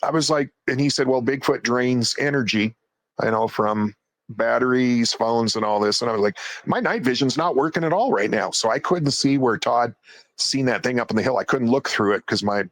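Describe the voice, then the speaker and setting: A man's voice: medium pitch, moderate pace, no room sound. A man casually recounting a night in the woods, jumping into quoted voices as he goes. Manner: animated retelling, acts out quoted voices. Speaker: guest storyteller. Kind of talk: casual storytelling.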